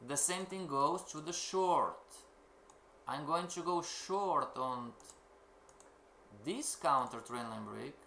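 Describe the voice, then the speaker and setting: Male lecturer, non-native English, slow and deliberate, bright tense tone, rhetorical questioning style, echoey room with faint typing. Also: on the high side, lively intonation, creaky, slight background noise. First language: not English. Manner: asks rhetorical questions, keeps calling out "everybody". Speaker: trading course instructor. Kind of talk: live-streamed lecture.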